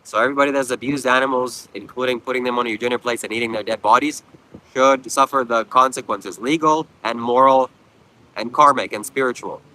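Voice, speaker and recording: A man's voice: medium pitch, fairly even intonation, a little fast, pushed and bright, poor audio. A man hosting a live stream, reading viewer comments aloud and answering them with blunt, preachy, mocking lectures. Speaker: livestream host. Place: outdoors at a beach.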